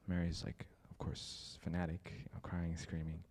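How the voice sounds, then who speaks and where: In a whisper, a young church speaker with a low voice tells a story at normal speed with few pauses. He brings it to life by acting out the people he quotes.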